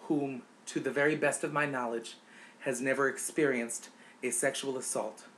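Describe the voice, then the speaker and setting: A woman's voice: very deep voice, steady tone, normal speed, slight background noise. A woman vlogger delivering an impassioned, indignant opinion rant, repeating words for emphasis.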